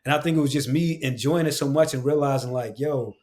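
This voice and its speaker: A man speaks in a candid, emphatic way, dropping slang and the odd curse. He is an actor and voice actor on a relaxed podcast, and his voice sits at an ordinary middle pitch. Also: fast. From Queens, New York. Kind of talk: casual podcast conversation.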